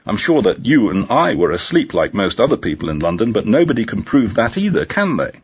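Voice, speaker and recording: A man's voice: lowish voice, very animated, fairly quick, breathy edge, muffled recording, voice pushed up, heavily acted. A man voicing a dry, ironic female police detective inspector in a storybook reading. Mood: teasing.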